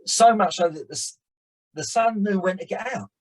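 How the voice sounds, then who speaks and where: A man, an actor and director telling stories in a rambling, animated way as a podcast guest. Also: high-pitched, normal speed, a crowd in the background, rough recording. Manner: animated storyteller, rambling restarts. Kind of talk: casual chat.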